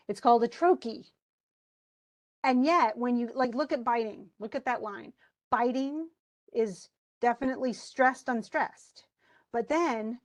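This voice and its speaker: Chatty woman teaching an online class. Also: on the high side. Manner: chatty, explains with asides and imagined student replies.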